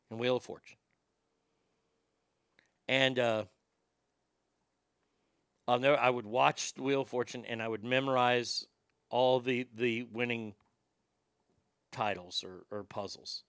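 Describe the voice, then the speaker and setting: A man hosting a talk show, telling a childhood story in a casual, wry and animated way, with some swearing. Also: medium pitch, clear, resonant tone, dry recording, studio quality.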